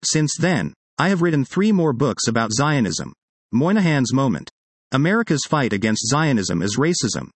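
Middle-aged male professor-author, earnest measured essay read with deliberate pauses; animated intonation, dry recording. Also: medium pitch, no echo. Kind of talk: reading a personal essay aloud.

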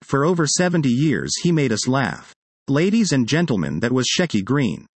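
A comedian reading his own tribute essay as scripted first-person narration, an anecdotal storyteller who drops punchlines deadpan. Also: medium pitch, normal speed, husky, no room sound.

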